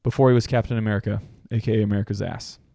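A man's voice: on the low side, racing, gravelly, no echo. Guy talking movies with friends, dry close mic, does the character voices. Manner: animated, acts out movie quotes with laughter. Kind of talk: casual movie chat.

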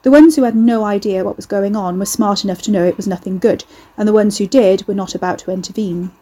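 A woman narrates a storybook in a steady, dry manner. Her voice is mellow and warm, with a soft husky edge. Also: medium pitch, quick pace. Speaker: audiobook narrator.

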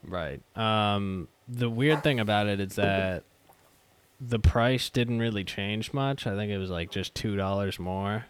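A young man in casual conversation, relaxed and laid-back, often pausing on fillers as he talks. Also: lowish voice, a little hiss or hum. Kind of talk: casual chat.

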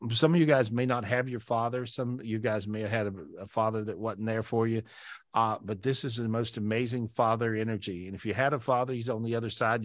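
A middle-aged man hosting a live video call as a spiritual healer. He leads slow, soft guided prayers, then shifts into animated chat. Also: mid-range voice, no room sound, clean studio sound.

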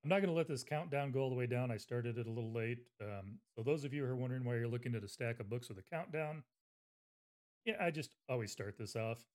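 A man's voice: medium pitch, quick pace, darkish tone. A man hosting a casual livestream book interview, chatty and rambling with fillers. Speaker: interview host.

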